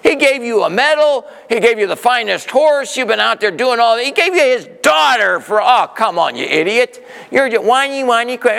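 Gravelly preacher in an echoing hall. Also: male voice, extremely high pitch, normal speed, hardly any pauses. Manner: animated storytelling, acting out quoted voices. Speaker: pastor. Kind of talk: sermon.

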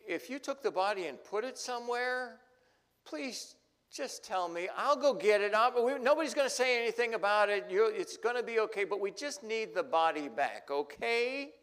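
A man's voice: high voice, lively intonation, moderate pace, a bit bright, smooth, pitched above the performer's own voice. A man playing a grieving woman pleading, in a hall. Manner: pleading, earnest, raised voice. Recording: long hall reverb.

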